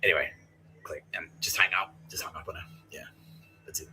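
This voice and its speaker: A man's voice: deep voice, steady tone, brisk, bright, forceful tone, faint music behind, rough recording. A man hosting a podcast, talking in a profane, laughing, rambling monologue. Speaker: podcast host.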